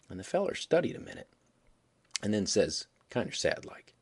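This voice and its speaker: A man reading a story aloud as a folksy, animated yarn-spinning narrator with a husky voice. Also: lowish voice, moderate pace. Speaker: audiobook reader.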